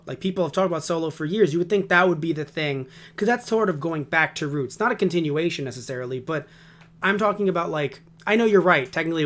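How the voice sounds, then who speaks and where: A man co-hosting a casual podcast, rambling and ranting with heavy swearing. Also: a little high. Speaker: podcast co-host.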